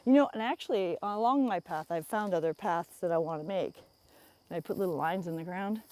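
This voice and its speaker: Speaking fairly quickly in a low-ish, darkish voice, a woman walks through the woods on a phone livestream, the camera held out in front. It's a loose walk-and-talk in which she rambles to her viewers and often laughs.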